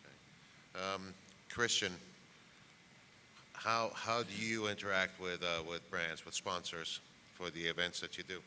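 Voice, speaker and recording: A man moderating a conference panel, asking halting questions full of fillers. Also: sits low, level tone, bright, forceful tone. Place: conference stage in a large hall. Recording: hall reverb, faint noise.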